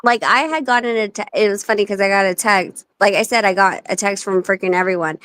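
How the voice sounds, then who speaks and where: A woman's voice: mid-range voice, fairly bright tone, clean tone, dry recording. Blunt woman swearing in casual chat. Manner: blunt, swears freely, tells stories quickly. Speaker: guest. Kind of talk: casual talk-show chat.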